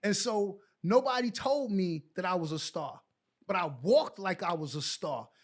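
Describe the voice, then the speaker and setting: A middle-aged man from New York, a podcast guest and former pro basketball player, telling colloquial stories with animated dialogue. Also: high voice, normal speed. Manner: colloquial, animated storyteller who acts out dialogue. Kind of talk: casual storytelling interview.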